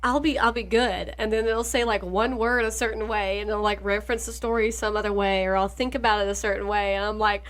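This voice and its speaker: A woman co-hosting a book podcast, chatting in an animated way with lots of laughter and short replies. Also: mid-range voice, fairly quick, few pauses. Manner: animated, laughing, warm back-channel replies. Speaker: podcast co-host. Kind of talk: casual chat.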